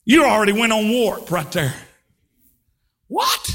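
A male pastor preaching a fervent sermon, swinging between shouted lines and hushed, drawn-out words. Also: high voice, very animated. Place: church sanctuary.

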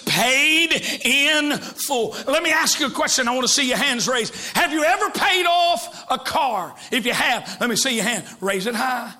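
A male evangelist preaching a sermon, breaking into shouts and dropping to hushed quotes, with joking asides to the congregation. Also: very high-pitched, normal speed, hardly any pauses.

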